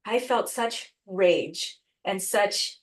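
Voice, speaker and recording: A woman guest on an interview podcast, telling a personal story in an earnest, reflective way with pauses and restarts. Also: mid-range voice.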